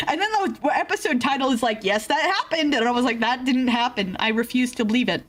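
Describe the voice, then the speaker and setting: A woman streamer chatting casually with viewers, rambling with fillers and laughs and swinging between excited yelps and low grumbles. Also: fast, few pauses. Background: faint background music.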